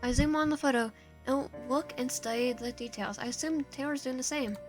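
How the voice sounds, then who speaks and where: A woman's voice: high-pitched, a little fast, soft background music. A woman streamer reading a visual novel aloud, narration and player lines, often stumbling and restarting. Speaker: game streamer.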